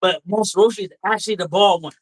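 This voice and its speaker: A drunk man hosting a casual stream, reading viewer comments and arguing loudly, profane and repetitive. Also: high-pitched, quick pace, low-quality recording. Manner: loud, profane, argumentative, repetitive. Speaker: livestream host.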